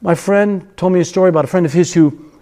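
A man preaching a sermon with passion, stretching key phrases slowly and breaking into a sung refrain. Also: high voice, mellow. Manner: impassioned, sings a hymn refrain; drawn-out emphatic phrases.

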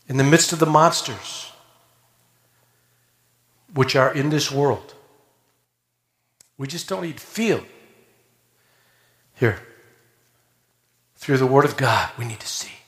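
A man's voice: high voice, unhurried, pauses often. Older man preaching in an echoey church. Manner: animated storytelling that rises to near shouting. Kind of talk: sermon with storytelling and prayer. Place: church sanctuary.

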